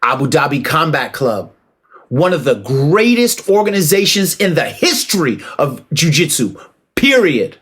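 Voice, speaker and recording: A man giving a casual, emphatic opinion monologue, preaching and calling out to listeners with rhetorical questions and shout-outs. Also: a little high, sing-song, unhurried, breathy edge. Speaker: martial arts commentator.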